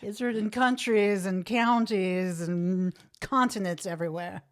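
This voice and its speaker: A woman comedian co-hosting a podcast, telling stories in a chatty, playful way and laughing easily. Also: mid-range voice. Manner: chatty storyteller, quick to laugh. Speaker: podcast co-host. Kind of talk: casual comedic chat.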